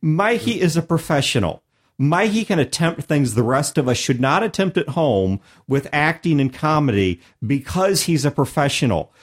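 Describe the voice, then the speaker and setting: Animated, emphatic male podcast host. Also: on the high side, normal speed, breathy edge. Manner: animated, emphatic, laughs often. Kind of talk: casual chat.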